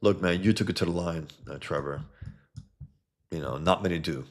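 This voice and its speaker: A deep-voiced man hosts a casual livestream at normal speed, talking enthusiastically about comic art. He reads chat messages aloud and tosses in blunt, profane asides.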